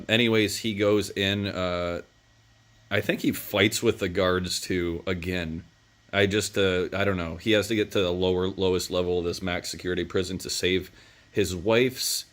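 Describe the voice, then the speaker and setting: A young man casually retelling a movie plot in a rambling, crude way, with many fillers. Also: low-pitched. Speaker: movie reviewer.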